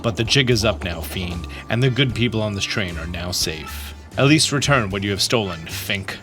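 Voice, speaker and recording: A man voicing a pompous, self-assured male detective in a lowered, slow voice. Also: expressive, over music, lightly acted.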